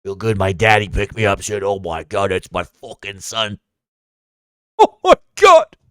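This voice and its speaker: A man doing a loud, boastful American good-ole-boy, drawling and calling everyone brother. The voice sits low and swings widely in pitch, and the sound is close and dry. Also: huge pitch swings, a little slow, smooth, no echo, exaggerated voice.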